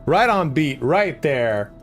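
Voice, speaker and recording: A man chatting casually while live-streaming a game, excitable and swearing, his voice jumping up high when he gets worked up. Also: slow pace, faint music behind.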